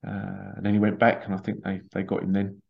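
A man's voice: sits low, completely flat delivery, a little fast, vocal fry. Man, rambling storyteller, stumbles and restarts, muffled lo-fi recording. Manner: rambling, with restarts and acted-out quotes. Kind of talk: casual conspiracy talk, storytelling. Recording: dull lo-fi sound.

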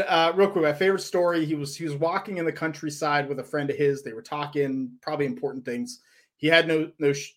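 A man's voice: a little high, fairly bright tone. Casual, rambling male podcast host. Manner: loose, rambling storytelling with fillers.

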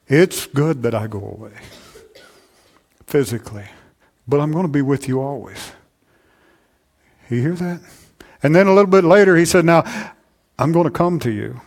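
A man preaching a sermon to his congregation, shifting between loud, fervent passages and low, intimate asides, often repeating "I'm telling you". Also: gravelly. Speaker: pastor.

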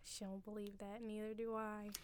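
A woman's voice: mid-range voice, level tone, normal speed, smooth. A young woman guest on a podcast, chatting casually and saying "like" a lot. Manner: laid-back, lots of "like" fillers. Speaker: barista guest. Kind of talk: casual chat.

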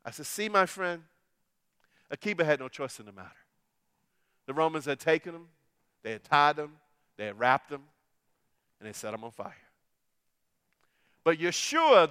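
A middle-aged man preaching a sermon as pastor, telling a story and swinging between hushed, quiet lines and loud, emphatic ones. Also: on the high side, very animated, moderate pace, pauses often, clear, resonant tone, dry recording, clean studio sound.

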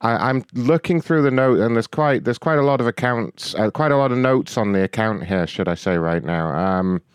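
A man hosting a comedy prank call show, calmly posing as a corporate complaints agent. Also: mid-range voice, moderate pace, smooth, dry recording, clean studio sound. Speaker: prank caller host.

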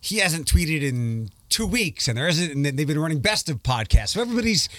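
A man's voice: fairly high pitch, big pitch swings, a little fast, fairly bright tone, no room sound. A man co-hosting a podcast in casual chat, talking in a chatty, sarcastic way with frequent restarts. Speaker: podcast co-host.

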